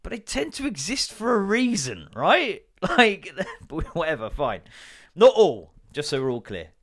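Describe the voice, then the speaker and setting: A man's voice: on the high side, big pitch swings, measured pace, a bit bright. A man hosting a comedy podcast, telling rambling, sweary stories and doing the voices of the people in them. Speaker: podcast host. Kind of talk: casual comedic rant.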